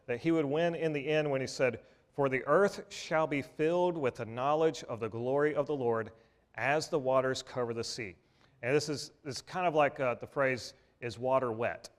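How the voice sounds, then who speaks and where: Male preacher, mid-pitched voice, folksy and easygoing, talks a sermon through like a chat. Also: moderate pace. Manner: folksy, repeats words and restarts, chuckles at times. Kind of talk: conversational sermon.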